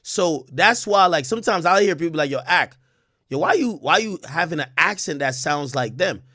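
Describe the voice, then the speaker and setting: A man from Jamaica hosting a livestream, ranting loudly and profanely, dropping from shouts to low mutters. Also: animated, moderate pace, dry recording, clean studio sound. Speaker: livestream host. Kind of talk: animated livestream rant.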